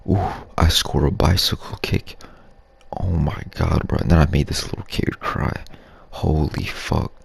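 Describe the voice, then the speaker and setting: A young man telling a crude, rambling ASMR story in slangy street talk, half whispered. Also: unhurried. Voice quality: low gravelly breathy voice. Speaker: YouTube storyteller.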